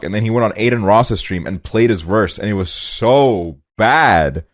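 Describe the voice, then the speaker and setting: Laid-back lower-voiced young-sounding man rambling. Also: normal speed, few pauses. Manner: rambling, heavy use of "like", swears freely. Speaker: podcast host. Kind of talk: casual chat. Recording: quieter guest mic issue noted.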